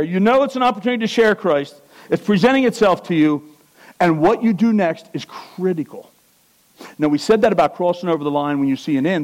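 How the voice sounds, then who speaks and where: A high-voiced man preaching a sermon. He rises to loud, ringing exclamations, then sinks into quiet, low-pitched earnestness. He keeps putting questions to the congregation. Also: poor audio.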